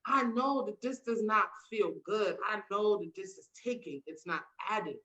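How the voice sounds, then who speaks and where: A podcast co-host tells personal stories in a casual chat, stressing words and acting out what people said. Her voice is medium-pitched, pushed and bright, at a moderate pace, in a low-quality recording.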